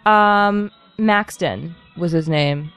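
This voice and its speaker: A young woman who gives house tours, talking candidly and swearing casually in a relaxed podcast chat, with music faintly behind her. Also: lowish voice, drawn-out words, clean tone. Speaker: house tour guide.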